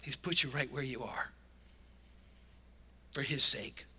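A man's voice: medium pitch, takes it slowly, bright, forceful tone, slightly rough. A male pastor delivering a sermon in an emphatic, conversational preaching manner.

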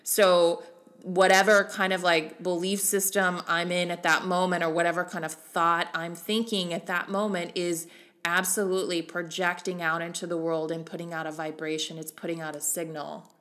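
A woman's voice: fairly low pitch, little pitch movement, normal speed, fairly bright tone. A middle-aged woman, a mindset coach, talking earnestly and emotionally about self-talk in a motivational solo talk. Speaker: mindset coach for real estate agents.

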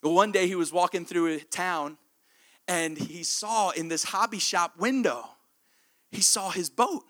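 A man preaching a sermon, telling a story in an animated way that sometimes drops to hushed, intimate tones. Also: sits high, measured pace.

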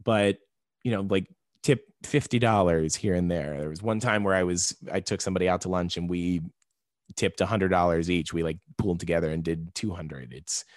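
A man's voice: low voice, moderate pace, no echo, studio quality. A man, a podcast guest, telling stories in casual chat and acting out the people in them. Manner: animated, acts out quoted people mid-story.

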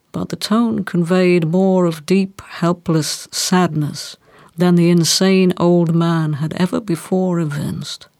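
A woman reading a classic novel aloud in a measured, deliberate way. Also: lowish voice, no echo, studio quality. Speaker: audiobook reader. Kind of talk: literary reading.

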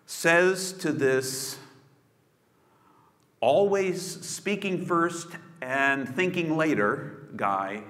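A man's voice: fairly high pitch, a bit bright. A man preaching a sermon in a conversational storytelling way, with casual asides. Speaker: pastor. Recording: echoey hall with long reverb.

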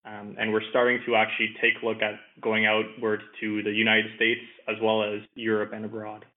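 A man's voice: on the low side, monotone, fairly quick. A man from Ottawa, Canada, a podcast guest who talks easily, with many fillers and repeated words. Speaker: podcast guest, energy professional. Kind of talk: casual interview conversation. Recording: tinny phone-like line.

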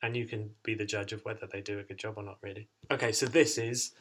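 A man's voice: on the low side, little pitch movement, fast talker, fairly bright tone. A man hosting a casual podcast chat, chatty and jokey, often laughing as he talks. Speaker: podcast host and songwriter.

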